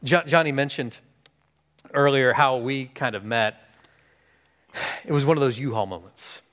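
A man's voice: medium pitch, a little slow, big-room sound. A man who is a pastor, preaching a sermon and telling a story, acting out the voices of the people in it. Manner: animated, acts out quoted dialogue.

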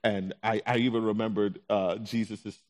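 A young adult man, a pastor, telling his own story in a sermon with animated delivery, acting out his anxious thoughts in quotes. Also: on the low side, normal speed. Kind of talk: sermon testimony.

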